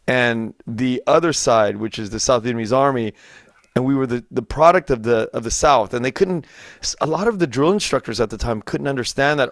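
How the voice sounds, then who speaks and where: A man hosting an interview, framing his questions in halting starts and restarts. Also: mid-range voice, no room sound. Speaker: podcast host. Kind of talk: conversational interview.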